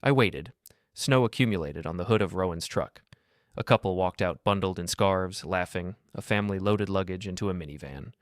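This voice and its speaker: Very deep, calm male narrator. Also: no room sound, clean studio sound. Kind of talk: first-person scripted story narration.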